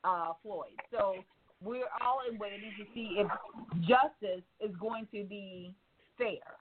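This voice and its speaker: A woman hosting a candid talk radio discussion, blunt and animated, swearing freely. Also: medium pitch, takes it slowly. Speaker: radio show host. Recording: tinny phone line with faint noise.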